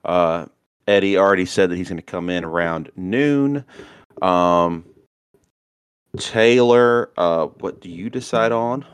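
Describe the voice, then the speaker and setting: A man's voice: low-pitched, takes it slowly, clean tone, dry recording. A man narrating a tabletop role-playing game as game master, laid-back with frequent ums.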